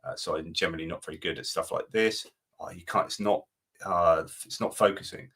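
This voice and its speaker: A man's voice: deep voice, fairly even intonation, a little fast, a bit bright, breathy edge. A man hosting a live stream, chatting, reading viewer comments and giving rambling opinions. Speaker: host.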